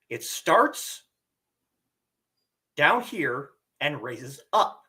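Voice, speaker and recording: A man giving a live-streamed lesson, explaining slowly and deliberately and drawing out his spoken examples. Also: fairly high pitch, sing-song, sharp tone. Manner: reads viewer comments aloud. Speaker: teacher and streamer.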